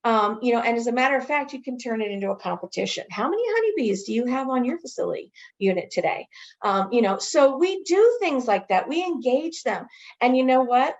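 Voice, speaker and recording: A woman training others in infection prevention, answering a webinar question as an enthusiastic, animated storyteller. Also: fairly high pitch, fairly quick, dull audio.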